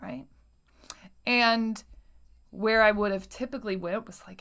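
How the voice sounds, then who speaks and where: A woman's voice: on the high side, extremely slow, pauses often, fairly bright tone. A woman hosting a solo podcast in a casual, chatty way, often tagging her points with "right?" and sometimes dropping to a near-whisper. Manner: chatty, tags lines with "right?" and "like". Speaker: podcast host.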